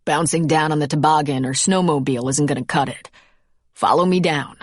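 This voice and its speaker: A woman's voice: low voice, fairly quick, slightly rough, no room sound, studio quality. A woman narrator voicing a protective man who is tender and determined. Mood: tender urgent.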